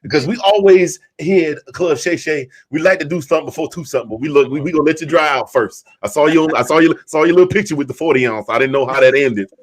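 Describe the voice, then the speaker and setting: A man's voice: on the high side, quick pace, few pauses. A man co-hosting a podcast in casual chat, telling a rambling story with many restarts. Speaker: podcast co-host.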